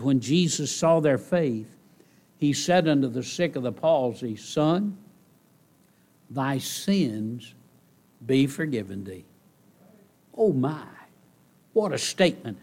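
A man preaching a sermon to a congregation, repeating his key phrases and swinging between loud outbursts and hushed lines. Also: a little high. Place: church service.

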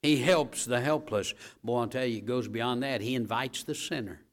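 In a folksy, conversational sermon, a man of the cloth throws brief asides to his listeners. Key lines come back again and again, his voice frequently dropping to a soft hush before surging into loud, forceful outbursts.

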